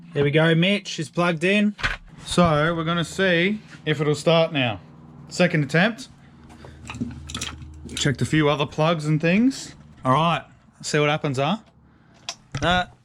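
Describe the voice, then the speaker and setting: An excitable man chatting his way through a car build in his garage, full of slang. His voice sits fairly high for a man, and a faint hiss of noise lies under the recording. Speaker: car restoration vlogger. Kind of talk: casual garage vlog. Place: garage workshop.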